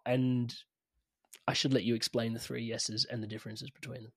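A man's voice: mid-range voice, fairly even intonation, moderate pace, darkish tone, no room sound, clean studio sound. A man hosting an interview, chatting casually, laughing often and swearing now and then. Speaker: podcast host.

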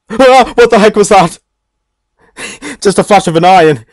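A man's voice: high-pitched, a little slow, vocal fry, no room sound. A young man commentating a horror game, jumpy and swearing, with bursts of nervous laughter. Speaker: let's play gamer. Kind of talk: horror game commentary and reading dialogue aloud.

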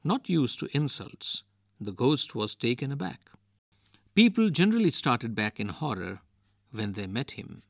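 Slow, expressive Indian male reader. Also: mid-range voice, creaky, no echo, studio quality. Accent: Indian English. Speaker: lesson narrator. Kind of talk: reading a textbook story aloud.

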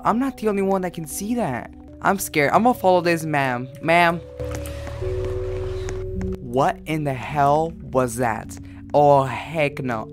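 A male gaming YouTuber giving jumpy horror gameplay commentary, repeating frightened exclamations. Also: medium pitch.

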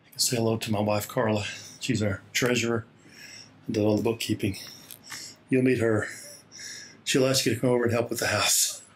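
A man's voice: fairly low pitch, steady tone, fairly quick, pauses often, slight background noise. A pastor recording a casual walking tour of his small church on a laptop, chatty and slightly out of breath, laughing often. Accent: Hawaii. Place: small church building indoors. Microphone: laptop held while walking.

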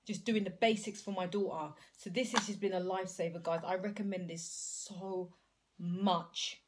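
A woman's voice: lowish voice, steady tone, normal speed, background noise. A woman thinking aloud in a casual video diary, hesitant and rambling as she talks to her viewers. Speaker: vlogger and health coach.

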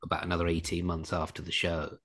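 A middle-aged English man hosting a podcast, telling animated stories with frequent laughter. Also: deep voice, breathy edge. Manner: animated storyteller, laughs a lot, quick asides. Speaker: podcast host. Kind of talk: casual podcast chat.

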